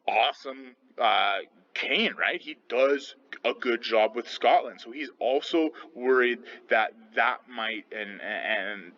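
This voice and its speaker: A man's voice: medium pitch, fairly bright tone. A man teaching a literature lesson in a casual, chatty way. He often checks in with his listeners by asking "okay?" and "right?". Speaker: English teacher. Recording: slightly muffled with faint noise.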